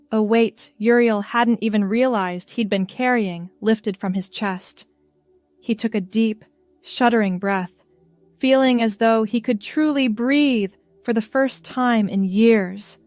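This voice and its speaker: A woman reading a story aloud as narrator, in a gentle, measured way. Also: a little high, no room sound, faint music behind. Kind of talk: scripted narration.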